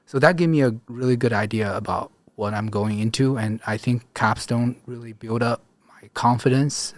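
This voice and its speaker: A man's voice: mid-range voice, moderate pace, no room sound. A young man, a new army chaplain, answering interview questions in an earnest, thoughtful way. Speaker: chaplain course graduate.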